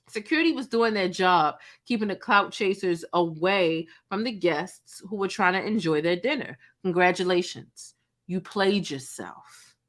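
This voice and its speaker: A woman's voice: medium pitch, fairly bright tone. A woman blogger giving sassy, slangy commentary, breaking down a celebrity feud and mimicking the people she quotes. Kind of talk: commentary vlog.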